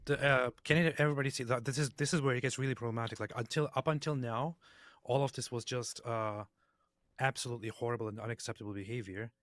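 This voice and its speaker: A man's voice: mid-range voice, fairly even intonation, quick pace, a bit bright, no room sound. Earnest man co-hosting, dry sound. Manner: earnest, emphatic. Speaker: co-host. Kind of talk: casual reaction commentary.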